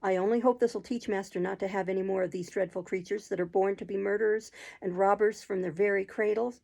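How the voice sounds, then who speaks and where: A woman voicing a strong, shrill servant girl who scolds and fusses, in a storybook reading. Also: fairly even intonation, brisk, vocal fry, darkish tone. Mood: scolding.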